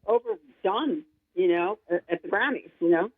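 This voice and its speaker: A woman guest singer-songwriter chatting in an interview, gushing and rambling with excitement. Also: medium pitch, moderate pace, creaky, slightly rough, dry recording. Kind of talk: casual interview chat. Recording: tinny phone line, dry.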